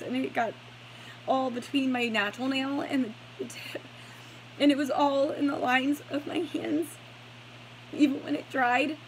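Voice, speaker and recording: Woman talking to camera, stops and restarts a lot, swears flat out, little hiss behind. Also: medium pitch, poor audio. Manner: halting, many fillers and restarts, blunt swearing. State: headache, stressed. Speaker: survivor telling her story. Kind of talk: personal storytelling to camera.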